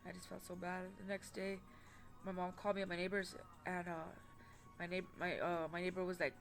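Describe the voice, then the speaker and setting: A woman's voice: on the low side, steady tone, fast, fairly bright tone. Woman w/ new rambling thru a story, lots of cussing and um's, faint music playing. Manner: rambling, profane, with many fillers and restarts. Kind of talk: casual personal story.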